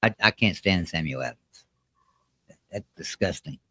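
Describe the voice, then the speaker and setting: A man's voice: deep voice, animated, unhurried, pushed and bright, no echo. A man chatting casually on a live stream, often restarting his sentences and speaking bluntly.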